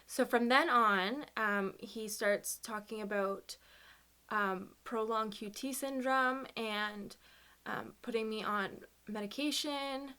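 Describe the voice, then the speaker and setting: A young woman vlogger telling a personal story, halting and close to tears, with many fillers and nervous laughs. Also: on the high side, steady tone, pushed and bright, smooth. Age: young adult.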